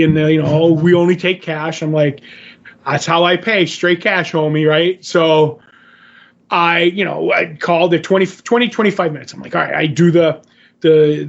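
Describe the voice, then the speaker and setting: High-voiced man telling a rambling story. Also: creaky, lo-fi sound. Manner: rambling anecdote teller, acts out his own quotes. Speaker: podcast co-host. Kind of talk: casual storytelling chat.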